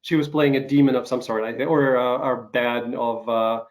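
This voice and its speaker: Still coughing some as he recovers from covid, a man hosts a casual interview chat for his podcast over video call. His mid-range voice holds a steady tone at normal speed while he rambles, full of fillers and restarts.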